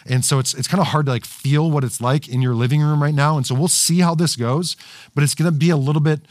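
A man's voice: on the high side, steady tone, quick pace, a little mellow, dry recording. A man preaching a sermon to a livestream audience, talking casually with many fillers, restarts and frequent "right?" asides. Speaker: pastor. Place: studio with cameras and screens.

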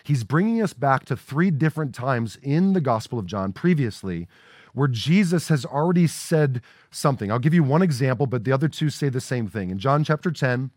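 Male pastor, sermon, casual asides, dry close sound, mid-pitched voice. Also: expressive, normal speed, a little mellow, no echo. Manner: conversational preaching with frequent "right?" asides. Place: church sanctuary.

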